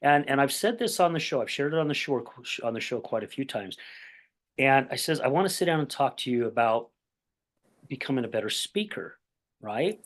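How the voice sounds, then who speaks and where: A podcast host from Utah, USA, speaks at a medium pitch and a brisk clip while telling a story in a conversational interview. He's an animated storyteller who acts out the voices of the people he quotes and often says "right?"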